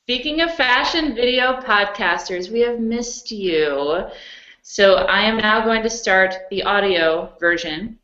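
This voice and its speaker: A woman's voice: mid-range voice, slow, bright, forceful tone. Chatty woman podcast host, echoey call. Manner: chatty, laughing, rambling. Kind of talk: casual podcast chat. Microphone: video call. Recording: echoey, dull video-call audio.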